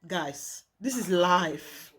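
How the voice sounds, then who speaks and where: A woman's voice: fairly low pitch, lively intonation, drawn-out words, a bit bright. A young woman telling a true story to her viewers, emphatic and dramatic, often repeating phrases and calling her audience "guys".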